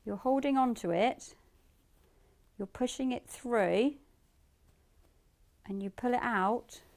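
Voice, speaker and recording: A woman's voice: on the high side, slow, gravelly, darkish tone. A woman demonstrating sewing live in a TV studio, explaining each step in a chatty way and laughing easily. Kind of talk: live shopping-TV sewing demo.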